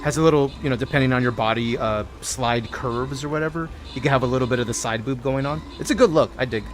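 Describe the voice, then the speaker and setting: A man's voice: mid-range voice, fast. A man live-streaming a video game, chatting casually with viewers in a playful, joking way full of tangents. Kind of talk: casual live-stream chat while gaming.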